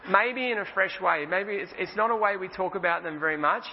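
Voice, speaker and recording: High-voiced preacher in an echoing hall. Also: male voice, a little hiss or hum. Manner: casual, conversational preaching with slow emphatic scripture reading. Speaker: pastor. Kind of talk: sermon. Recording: dull roomy hall sound.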